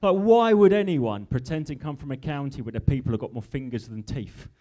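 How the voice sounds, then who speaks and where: Lively English man doing stand-up. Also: medium pitch. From Norfolk, England. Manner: chatty, teasing crowd work with quick asides. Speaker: stand-up comedian. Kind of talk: live stand-up comedy set. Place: live show in an industrial unit.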